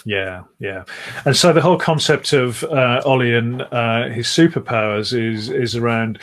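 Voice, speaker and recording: A man's voice: medium pitch, normal speed, fairly bright tone. A man hosting an interview, speaking hesitantly with restarts and affirming his guest often. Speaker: host. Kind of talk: interview host.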